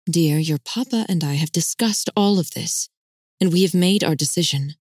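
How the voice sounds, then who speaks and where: A woman voicing a calm, firm middle-aged mother who speaks in a measured, scolding way. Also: fairly low pitch, dry recording, clean studio sound, lightly acted.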